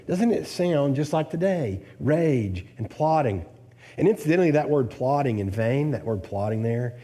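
A man preaches an expository sermon, posing rhetorical questions to listeners and climbing in pitch on the points he stresses. His tone is dark.

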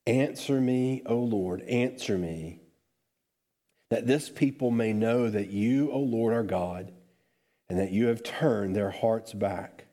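A man's voice: lowish voice, slow, warm tone. A man serving as pastor who leads a church congregation in prayer, then earnestly reads scripture aloud with a few small self-corrections. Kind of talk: sermon with prayer and scripture reading.

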